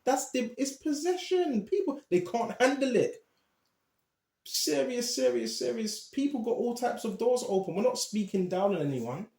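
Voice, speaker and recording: A preacher teaches from the Bible conversationally, reading verses, using street slang, and often checking in with "right?". His very high voice is very animated and darkish in tone at normal speed, in an echoey room.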